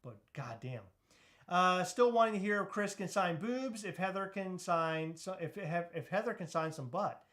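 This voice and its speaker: Higher-voiced man on a casual live stream. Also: lively intonation, moderate pace, fairly bright tone. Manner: laughs easily, swears casually, reads chat comments aloud. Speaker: podcast co-host.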